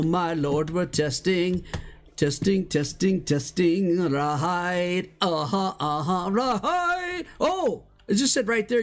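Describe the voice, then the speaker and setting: A streamer chatting live over gameplay in slangy, excitable talk that breaks into high shouts and exclamations. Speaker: Minecraft streamer.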